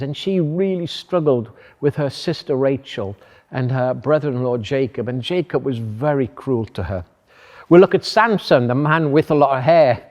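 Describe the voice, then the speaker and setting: Earnest pastor in an echoey hall. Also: male voice, medium pitch, a little mellow. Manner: earnest, measured, with thoughtful pauses. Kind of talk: sermon.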